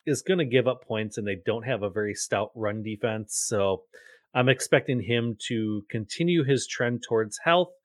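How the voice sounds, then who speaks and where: A man's voice: medium pitch, normal speed, no echo. A man co-hosting a podcast, talking through picks and stats in casual chat. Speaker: podcast co-host. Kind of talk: casual sports betting chat.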